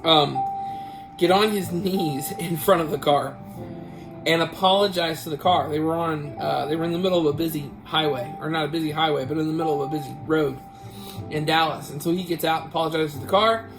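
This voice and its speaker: A man's voice: on the high side, steady tone, a little fast, rough recording. Rambling man telling a family story. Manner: rambling, with many restarts. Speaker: vlog host. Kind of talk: casual storytelling vlog. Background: guitar music.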